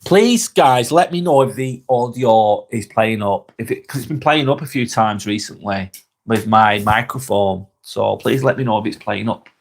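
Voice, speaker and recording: A man's voice: fairly low pitch, moderate pace, gravelly, slight background noise. An English man hosting a live vlog from a spare bedroom, chatting casually with viewers, rambling and repeating himself with lots of ums, on a clip-on mic. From England. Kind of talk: casual live-stream chat reading comments. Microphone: wireless clip-on mic.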